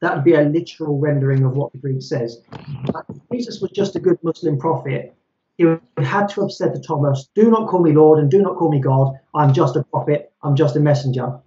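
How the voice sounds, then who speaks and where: A man's voice: a little high, a little fast, warm tone. Methodical man arguing scripture, echoey. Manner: methodical, citing scripture verse by verse. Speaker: Christian debater. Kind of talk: street debate argument. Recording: echoey, dull lo-fi sound.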